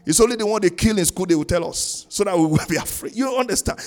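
Emphatic pastor preaching. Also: male voice, lively intonation, fast, soft background music. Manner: emphatic preaching, swings between loud sung-out lines and low asides. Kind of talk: sermon. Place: church in Canada.

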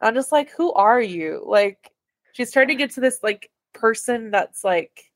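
A young woman co-hosting a podcast in casual chat, talking quickly through stories with lots of filler words. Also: on the high side, dry recording, clean studio sound. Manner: chatty, heavy on fillers, animated retelling. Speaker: podcast co-host.

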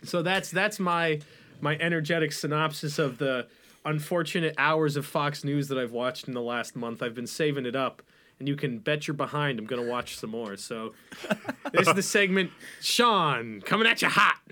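Animated young man on a podcast. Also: on the high side, moderate pace. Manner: animated, rambling, mocking impressions. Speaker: podcast co-host. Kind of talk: casual podcast chat.

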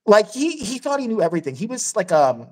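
Animated, foul-mouthed woman telling stories. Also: mid-range voice, quick pace. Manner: crude, blunt and animated, swears freely. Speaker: podcast host. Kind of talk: casual storytelling chat.

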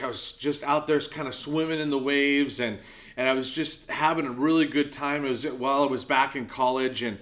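A man's voice: a little high, fairly bright tone. A middle-aged man, a pastor preaching a sermon and telling a personal story, often acting out the lines he quotes.

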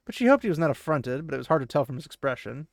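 Male host, chatty retelling with asides, a touch high-pitched, dry recording. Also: sing-song, rapid-fire, vocal fry, no echo. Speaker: podcast host. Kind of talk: casual chapter retelling.

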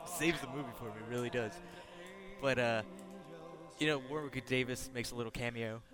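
A man's voice: medium pitch, steady tone, moderate pace, music in the background. A man co-hosting a podcast, casually telling funny family anecdotes and laughing often. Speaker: podcast co-host. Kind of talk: casual chat.

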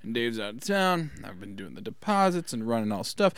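Casual male podcast co-host, mid-pitched, chatty, dry close mic. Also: big pitch swings, a bit bright, smooth, no room sound. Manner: chatty, quick to mimic others in put-on voices. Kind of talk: casual chat.

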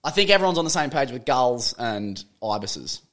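Animated young man telling a story. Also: mid-range voice, normal speed. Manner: animated storyteller, swearing often, bursting into yelps and laughs. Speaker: podcast co-host. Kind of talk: casual chat.

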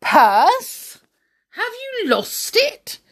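A woman voicing a deaf, cheerful little man covered in clanking saucepans, who speaks loudly and mishears everything. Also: huge pitch swings, takes it slowly, exaggerated voice. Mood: cheerful confusion. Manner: loud, high, mishears everything.

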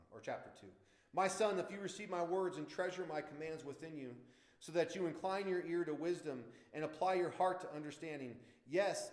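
Male Bible study leader, high voice, fervent and repetitive, echoey room. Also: a little mellow. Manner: fervent, repeats himself, bursts into praise. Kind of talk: informal preaching Bible study.

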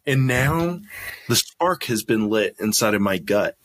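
A man's voice: on the low side, measured pace. A man hosting a podcast, telling army stories in a casual chat, often laughing and acting out the other people in them. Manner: animated, laughs often, acts out quoted voices. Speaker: podcast host.

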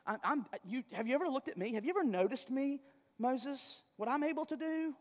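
A man doing a commanding God who talks low and hushed, well below his usual preaching pitch. He sounds steady and assured, with the long reverb of a large hall. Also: slow, creaky. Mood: reassuring. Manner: low, quiet, steady reassurance. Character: God, calm, commanding, reassuring deity.

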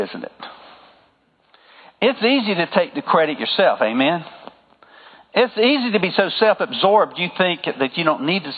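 A high-voiced man with a Southern accent preaches in an easy, conversational way and keeps calling for amens from the pews. His voice comes through thin and phone-like, with a long reverb trailing after it. It sounds like a sanctuary heard over a narrow line. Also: breathy edge. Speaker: pastor. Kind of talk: sermon.

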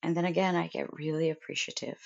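A young woman, a mother, talking earnestly and deliberately about gratitude in a reflective self-help monologue. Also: sits low, steady tone, creaky. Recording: dull lo-fi sound.

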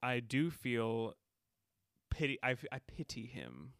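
A man co-hosting a casual podcast recap chat, animated and quick to laugh as he retells scenes. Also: medium pitch, vocal fry, no room sound, clean studio sound. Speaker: podcast co-host.

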